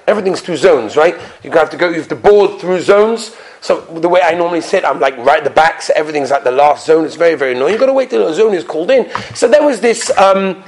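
A man with a high voice delivers a storytelling sermon to his listeners. He is animated, leaning on rhetorical questions and now and then dropping to a hushed whisper for emphasis. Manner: asks the audience rhetorical questions. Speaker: rabbi giving a weekly Torah talk.

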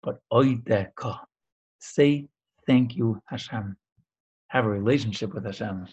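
A man teaching an informal spoken Torah lesson in a conversational, emphatic way, with his voice jumping high on key points. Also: a little slow, a little mellow, husky. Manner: conversational with frequent fillers and restarts. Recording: dull lo-fi recording.

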